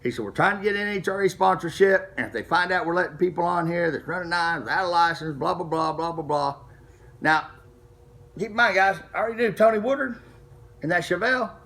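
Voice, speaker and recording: A middle-aged man casually telling a racing story to camera, profane and animated, acting out the people he quotes. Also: sits high, brisk. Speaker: street racer telling a story.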